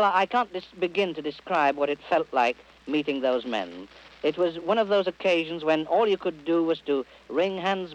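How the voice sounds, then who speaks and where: A war correspondent giving an earnest, heartfelt radio report. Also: male voice, on the high side. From England. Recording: dull archival radio recording.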